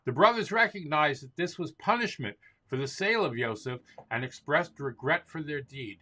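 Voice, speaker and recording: A man hosting a show, reading a summary in a steady, clear manner. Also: a little high, moderate pace. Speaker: host.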